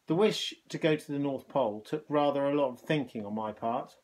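A male teacher reading a children's novel aloud with a lively, expressive delivery. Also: mid-range voice, normal speed.

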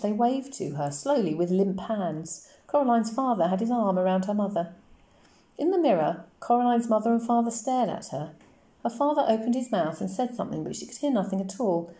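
A woman teacher reading a novel aloud to her class for a lesson, in a slow, expressive storytelling manner. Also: fairly high pitch. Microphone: camera. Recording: roomy echoey recording.

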